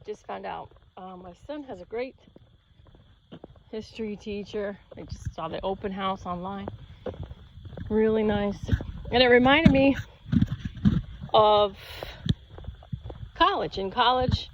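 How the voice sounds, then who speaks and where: A woman's voice: mid-range voice, darkish tone. Fifty-something lady rambling through an old story, acts out the quotes, kinda muffled lo-fi audio. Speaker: yoga channel host. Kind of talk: casual personal storytelling. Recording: slightly dull lo-fi audio with faint noise.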